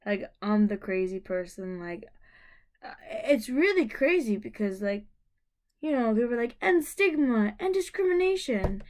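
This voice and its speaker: A woman's voice: medium pitch, lively intonation, a little slow, darkish tone. A young woman vlogger telling a personal story to camera, emotional and rambling, with many fillers and restarts.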